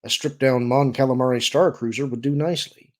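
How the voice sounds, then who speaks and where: A man voicing a shrewd, calculating middle-aged smuggler chief who talks smoothly and persuasively in an audiobook. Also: mid-range voice, steady tone, quick pace, close to an everyday voice.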